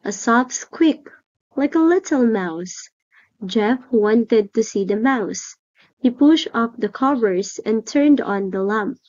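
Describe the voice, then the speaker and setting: A woman reading a children's picture book aloud slowly and clearly. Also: on the high side, expressive, a little mellow, muffled recording. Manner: slow, clear storybook reading. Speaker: storyteller. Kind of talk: children's read-aloud narration.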